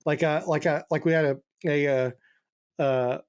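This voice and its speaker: A man's voice: on the high side, fairly even intonation, moderate pace, darkish tone, clean tone. A middle-aged man co-hosting a podcast, telling rambling, profane stories in casual chat and laughing through them. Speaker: podcast co-host.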